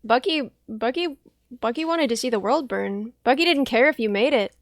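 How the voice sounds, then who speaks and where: A woman's voice: fairly high pitch, expressive, moderate pace, dry recording, clean studio sound. A woman hosting a casual livestream, chatting with playful, teasing interjections. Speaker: streamer host.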